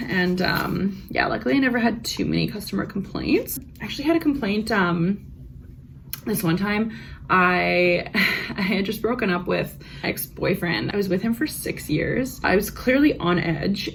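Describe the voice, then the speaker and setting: A woman's voice: mid-range voice, vocal fry, slight background noise. A young woman vlogger telling work stories in a frank, profane, ranting way, casual storytime.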